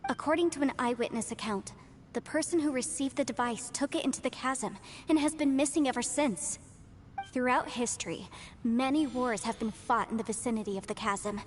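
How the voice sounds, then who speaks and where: An actress playing a composed, formal legal adviser explaining things in a game. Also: female voice, on the high side, slight background noise, natural voice. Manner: measured, formal.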